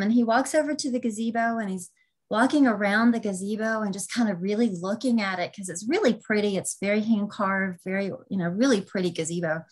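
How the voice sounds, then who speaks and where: A woman's voice: medium pitch, rough recording. Chatty woman with a mid-range voice. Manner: chatty, many ums and restarts. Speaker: podcast co-host. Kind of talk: casual storytelling.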